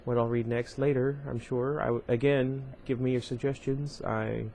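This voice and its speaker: A man's voice: medium pitch, flat delivery, normal speed, creaky, dark tone, a little hiss or hum. A man casually reading a novel aloud at home, breaking off often for rambling side comments full of fillers. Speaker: reader of a book series.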